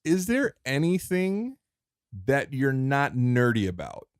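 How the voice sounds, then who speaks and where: Lively, rambling man on a podcast. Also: mid-range voice, slow pace, clean tone, no room sound, studio quality. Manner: rambling, jokey, self-deprecating. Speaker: podcast co-host. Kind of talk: casual chat.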